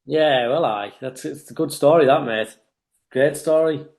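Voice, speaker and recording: Podcast host guy, slightly high voice, quick little "yeah mate" reactions. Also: creaky, darkish tone. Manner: short encouraging reactions. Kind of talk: casual interview chat.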